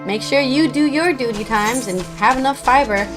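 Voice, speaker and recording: A woman's voice: high-pitched, normal speed. A woman streaming a game, chatting casually, joking and swearing while reading dialogue aloud. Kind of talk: casual gameplay commentary. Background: game music.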